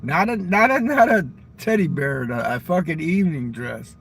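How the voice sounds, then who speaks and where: Profane rambling man, higher voice. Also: expressive, moderate pace, vocal fry, a bit bright, a little hiss or hum. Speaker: vlogger. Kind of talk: crude casual monologue.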